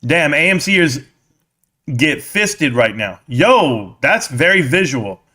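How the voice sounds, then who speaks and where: Guy live streaming stocks, kinda high voice, bright, brash and mocking chat. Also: very animated, takes it slowly.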